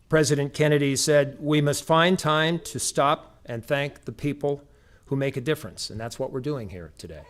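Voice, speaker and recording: A man acting as master of ceremonies at a memorial, speaking in a measured, solemn way and reading out long lists of names. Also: on the high side. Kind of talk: formal ceremony address.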